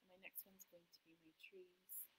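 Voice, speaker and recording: A woman's voice: lowish voice, flat delivery, normal speed, noisy background. A woman hosting a casual craft tutorial at her table, chatting as she paints and often apologizing for her slips. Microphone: table mic that cuts out.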